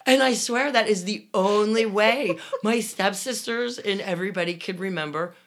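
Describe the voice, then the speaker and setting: A woman with a mid-range voice speaks at a normal speed as a guest telling stories about her life in a commune. It's casual, conversational storytelling: she rambles, restarts often, and laughs while she talks.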